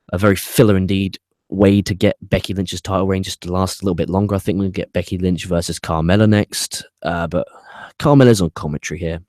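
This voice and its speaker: A man's voice: deep voice, a little mellow, dry recording. A man hosting a casual spoken review, opinionated and ranting, swearing freely and rambling off on tangents with frequent restarts. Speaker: wrestling show reviewer, host.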